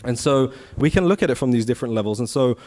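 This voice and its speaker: A man giving a conversational scripture class at a temple, telling the story with rhetorical questions and animated asides. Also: mid-range voice, fast. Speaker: temple speaker. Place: temple hall.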